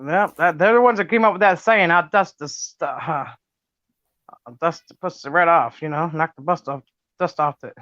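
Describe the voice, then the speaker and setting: A loud middle-aged woman holds forth in casual livestream chat, laughing and swearing without a filter. Her voice is bright and punchy. The sound is dry and close, with a somewhat dull, lo-fi mic. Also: fairly low pitch, moderate pace, dry recording. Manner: loud, brash and laughing, cusses freely.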